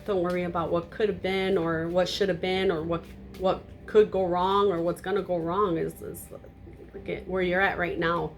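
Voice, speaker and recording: Blunt, loud-talking woman tarot reader. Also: fairly low pitch, flat delivery, moderate pace, slight background noise. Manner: blunt and emphatic, casual swearing; naturally loud talker. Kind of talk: tarot reading to camera.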